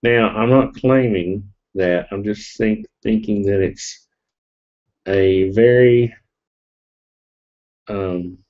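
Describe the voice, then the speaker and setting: A man's voice: fairly low pitch, very slow, pauses often. A middle-aged man, sniffling as he tells a rambling, jokey story to a live stream audience. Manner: rambling and jokey, with fillers and laughs. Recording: dull lo-fi webcam audio.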